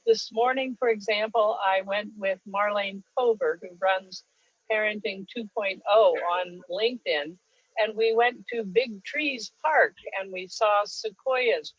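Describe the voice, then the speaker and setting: A woman's voice: medium pitch, slightly rough, dry recording. Older lady talking on a webinar, lots of ums, muffled dry call audio. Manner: warm storytelling, frequent fillers. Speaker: guest speaker. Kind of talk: webinar talk. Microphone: video call. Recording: dull lo-fi video call audio.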